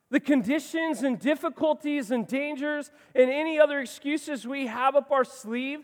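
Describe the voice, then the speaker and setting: A man preaching a sermon as pastor, swinging between loud passionate lines and quiet ones. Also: very high voice, big-room sound.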